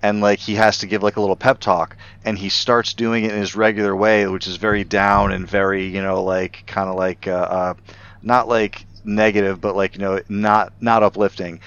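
A man's voice: on the low side, little pitch movement, moderate pace, fairly bright tone, clean tone, highs cut off. A man co-hosting a casual gaming chat, enthusiastic and packed with fillers like "like". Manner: filler-heavy, enthusiastic, many restarts.

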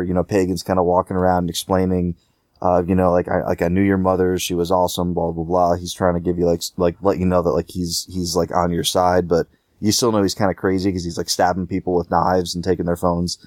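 A man's voice: sits low, flat delivery, a little fast, darkish tone, no echo, studio quality. A man co-hosting a casual gaming podcast, rambling with lots of fillers and restarts.

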